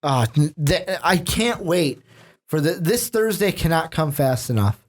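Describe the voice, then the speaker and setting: A man's voice: fairly high pitch, measured pace. A man hosting a casual sports podcast, joking and asking his co-host questions. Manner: joking, animated, asks questions.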